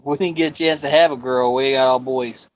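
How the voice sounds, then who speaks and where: A man's voice: medium pitch, steady tone, fairly quick. A man co-hosting a casual live stream who reads out viewer comments and laughs easily. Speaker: co-host reading chat comments.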